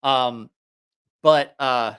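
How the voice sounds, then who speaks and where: A man with a medium pitch draws out his words in a fairly bright tone, with a little hiss or hum in the audio. He's a knife reviewer and channel host with a slight Southeast Ohio accent, wearing headphones at a studio mic on a casual livestream. His manner is rambling, chatty, and self-correcting.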